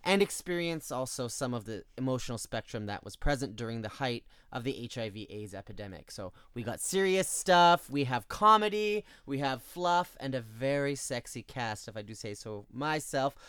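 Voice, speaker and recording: A man pitching his cabaret show on the radio, flamboyant and cheeky. His voice is smooth and resonant, with a dry, close studio sound. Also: sing-song, normal speed, few pauses, fairly bright tone, dry recording. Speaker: theatre performer guest.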